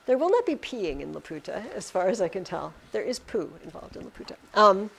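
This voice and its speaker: Woman teacher, lively pitch, classroom lesson, quizzes students. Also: brisk, vocal fry, slight background noise. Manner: animated, questioning students.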